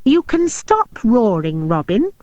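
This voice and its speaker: A woman's voice: on the high side, wildly swooping pitch, slow pace, a little mellow, no echo, muffled recording, full character voice. A woman voicing a demure, teasing young girl who speaks with prim deliberation.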